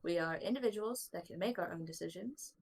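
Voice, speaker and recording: A woman's voice: lowish voice, brisk, vocal fry, breathy edge. A woman playing a tabletop role-playing game, speaking in character firmly and emphatically, repeating phrases for weight. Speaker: tabletop role-play player.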